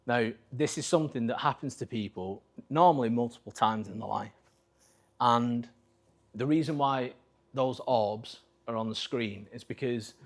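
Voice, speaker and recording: Brief: husky man, mid-pitched, blunt coach on stage, swears freely. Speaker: coach giving a talk. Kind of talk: live presentation to an audience. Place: talk venue with a screen.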